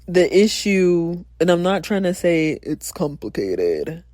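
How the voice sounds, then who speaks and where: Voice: mid-range voice, big pitch swings, slow pace, a little mellow, no room sound. A podcast host who also teaches, talking in a casual, passionate, rambling way, swearing often, laughing and thinking aloud. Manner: passionate, rambling, frequent profanity.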